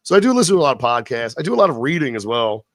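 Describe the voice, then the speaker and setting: A live-stream show host with a mid-range, sing-song, fairly bright voice chats loosely and rants with profanity in a rambling way. He then reads scripted narration slowly, recorded dry with clean studio sound.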